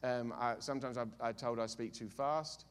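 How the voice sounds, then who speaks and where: A middle-aged man with an Essex English accent, preaching a sermon with jokey asides and loud bursts of enthusiasm. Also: mid-range voice, fairly even intonation, normal speed, smooth. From England.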